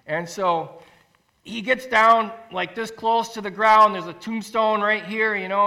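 A man preaching a sermon as pastor, earnest and animated, acting out quotes and repeating phrases for emphasis. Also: sits high, a little slow. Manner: animated storytelling, acts out quotes with rising voice.

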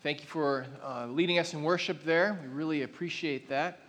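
A man preaching a sermon to a large congregation, earnest, slowing down to stress key lines. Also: on the high side, a bit bright. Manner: earnest, builds to emphatic slow declarations. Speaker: pastor. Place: large church auditorium. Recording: long reverb of a large hall.

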